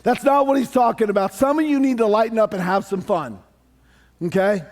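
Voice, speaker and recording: A man preaching a sermon as pastor, animated and conversational with touches of humor. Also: high-pitched, fairly quick. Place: church sanctuary.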